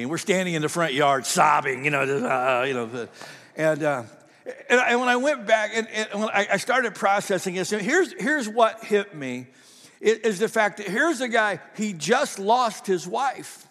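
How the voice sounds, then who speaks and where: A man's voice: high-pitched, animated, normal speed, a bit bright. A man preaching a sermon as a pastor in a folksy, conversational way, often restarting his sentences, recorded in a church sanctuary. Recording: long reverb of a large hall.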